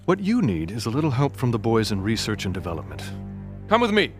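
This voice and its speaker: A confident game scientist. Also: male voice, lowish voice, huge pitch swings, fast talker, soft background music. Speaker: game character. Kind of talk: video game cutscene acting.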